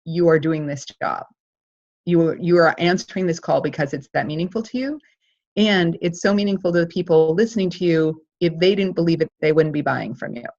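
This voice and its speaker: A woman coaching speakers at a live workshop, walking them through numbered steps with hand gestures in a lively, encouraging way. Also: lowish voice, fairly quick, dull audio. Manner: animated, counts steps on her fingers.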